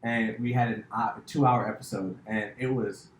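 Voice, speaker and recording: A man's voice: fairly low pitch, fairly even intonation, normal speed, a little hiss or hum. A man hosting a podcast, chatting loosely and rambling with many fillers and restarts. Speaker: podcast host, comedian. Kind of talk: casual chat. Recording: echoey room.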